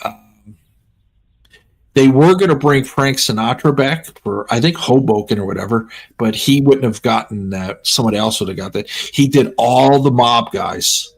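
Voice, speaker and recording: Casting: husky-voiced man, casual storyteller, mid pitch, rambling delivery. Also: normal speed. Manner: rambling anecdotes with laughs and acted-out quotes. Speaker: streamer.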